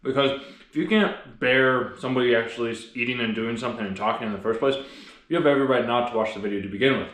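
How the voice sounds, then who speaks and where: A man's voice: mid-range voice, fast, fairly bright tone, reverberant, poor audio. A man vlogging a casual motivational monologue, earnest and reflective, talking with his mouth full while he eats. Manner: earnest, reflective, rambling with restarts.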